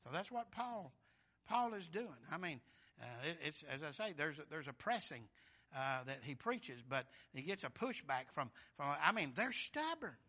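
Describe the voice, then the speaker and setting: Man, preacher, high bright voice, folksy, swings soft to loud. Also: sing-song, moderate pace. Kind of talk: sermon.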